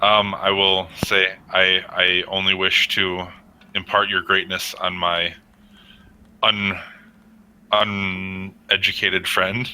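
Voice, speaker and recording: Courteous male elf, player-voiced by a man, deep and crisp, formal and humble. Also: level tone, slow, pushed and bright, slight background noise, heavily acted, rough recording. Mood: deferential. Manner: formal, deferential.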